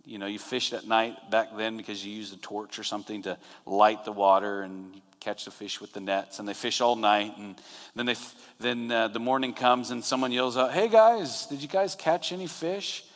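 A man preaching a sermon in a relaxed, conversational way, retelling scenes and acting out quotes. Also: lowish voice, normal speed. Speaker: pastor. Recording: long hall reverb.

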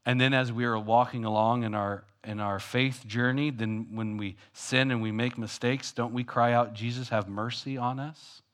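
A male pastor delivering a conversational, self-deprecating sermon, swinging between loud and hushed. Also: medium pitch, fairly even intonation, moderate pace, hardly any pauses.

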